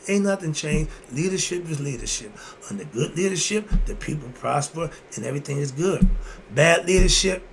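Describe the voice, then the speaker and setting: A man's voice: a little high, lively intonation, normal speed, slight background noise. A man giving a casual philosophical monologue, preachy and informal, asking questions and answering them himself and chuckling often. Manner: repeats "moving on" between points. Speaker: host.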